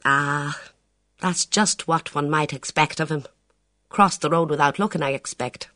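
A man's voice: a little high, a little slow, pushed and bright, dry recording, clean studio sound. A reader voicing a chatty, persuasive Irish hotel doorman in an audiobook, with an Irish accent. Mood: coaxing. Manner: coaxing, folksy.

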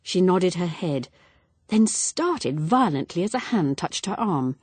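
A woman reading an audiobook in measured, expressive narration. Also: fairly low pitch, breathy edge, no echo. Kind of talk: scripted narration.

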